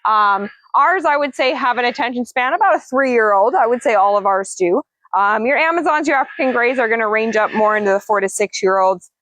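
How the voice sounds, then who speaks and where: A woman's voice: a little high, a little fast, hardly any pauses, a bit bright, dry recording. A woman hosting a casual livestream as a parrot trainer, chatting with viewers and cooing to her birds in a singsong voice. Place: outdoors.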